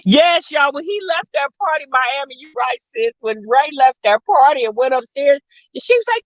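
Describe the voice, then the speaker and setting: A talkative, sassy woman runs a casual stream reacting to reality TV, calling her audience sis and y'all. Her voice sits high and sounds animated, moving at a moderate pace. The audio is dull, lo-fi and dry.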